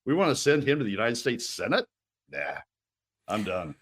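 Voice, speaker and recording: A man's voice: mid-range voice, sing-song, moderate pace, fairly bright tone. A man speaking as a regular guest commentator on a radio talk show, emphatic and exasperated, often restarting his sentences.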